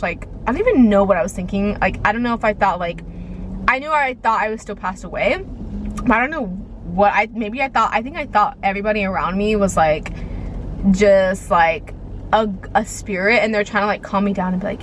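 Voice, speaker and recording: A woman's voice: mid-range voice, animated, normal speed, a little hiss or hum, low-quality recording. A young woman telling a personal story in a casual, rambling way, full of "like" and "okay?" check-ins.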